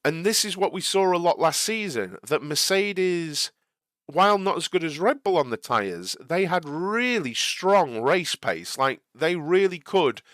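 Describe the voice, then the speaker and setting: A man's voice: on the high side, a bit bright, no room sound, clean studio sound. A young man hosting a live watch-along stream, answering viewer chat in an earnest, slightly exasperated way and often restarting his sentences. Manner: halting, many restarts and repeated words.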